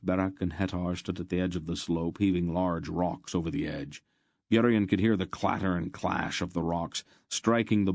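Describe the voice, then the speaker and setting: A man reading a fantasy novel aloud as an audiobook narrator, in steady, measured storytelling. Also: deep voice, gravelly, dry recording, studio quality.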